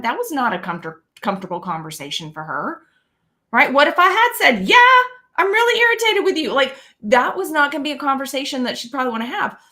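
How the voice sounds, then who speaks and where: A woman's voice: on the high side, fairly bright tone. Earnest, storytelling middle-aged woman. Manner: earnest storytelling, frequent "right?" tags. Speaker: guest. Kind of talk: casual chat.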